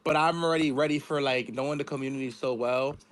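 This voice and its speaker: Young man, mid-pitched voice, casual rambling explainer in a group chat. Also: steady tone, fast talker. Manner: rambling, filler-heavy explaining.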